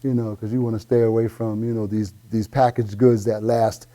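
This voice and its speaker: A male guest talks casually and in a relaxed way, with many pauses and fillers. His voice is very dark and mellow, and he trails off softly at the end of thoughts. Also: lowish voice. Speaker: guest, health-food shop owner. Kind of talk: casual chat.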